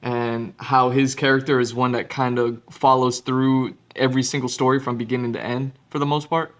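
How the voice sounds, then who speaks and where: A man's voice: mid-range voice, little pitch movement, moderate pace. A man hosting a podcast, talking casually in a rambling way with many fillers and restarts. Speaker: podcast host. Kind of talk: casual monologue.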